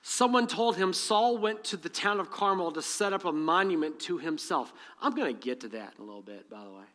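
A man preaching a sermon as pastor, animated, mixing scripture reading with humorous asides. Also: high voice, a little fast, long reverb tail. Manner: reads scripture aloud and acts out the dialogue.

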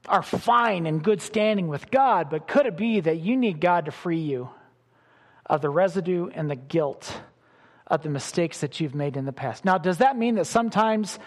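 A middle-aged male pastor delivers a sermon with a fairly high voice, swinging between loud bursts and quiet asides. His words ring out with a long reverb from a large church hall. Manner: animated preaching with sudden loud bursts and soft drops.

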